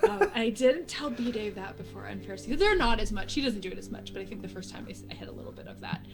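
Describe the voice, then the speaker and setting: A woman's voice: medium pitch, fast, music in the background. A woman talking as a guest in a casual chat, telling stories with frequent laughter. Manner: laughs often, animated storytelling.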